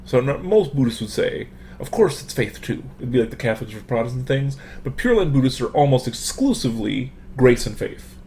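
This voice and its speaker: A man's voice: medium pitch, very animated, fairly quick, warm tone, slight background noise. A man, a professor, giving a casual online lecture through a computer microphone, full of fillers and restarts.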